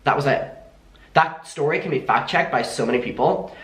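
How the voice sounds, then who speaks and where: A man's voice: mid-range voice, moderate pace. Exasperated young man in an echoey room. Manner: animated, exasperated storytelling. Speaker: YouTuber telling his side of a story. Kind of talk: storytime vlog.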